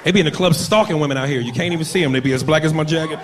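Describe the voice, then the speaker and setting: A man's voice: fairly high pitch, racing, background noise. A man doing a brash, profane stand-up routine on a comedy club stage. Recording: live club with crowd laughter.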